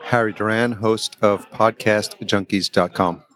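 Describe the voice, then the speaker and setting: A man's voice: on the low side, fairly even intonation, unhurried, fairly bright tone. A man guesting on a podcast, asking curious, wry questions in casual chat.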